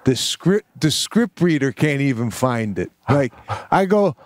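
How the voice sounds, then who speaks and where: A middle-aged man, a comedian co-hosting a podcast, telling a story with animated energy and acting out the dialogue. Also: medium pitch. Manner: animated, acts out dialogue, fast bursts. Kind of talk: comic storytelling.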